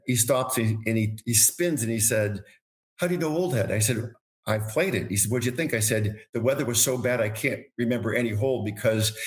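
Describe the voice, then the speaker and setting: Low-voiced man telling golf stories. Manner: rambling anecdotes with frequent restarts. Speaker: podcast guest. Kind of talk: casual storytelling.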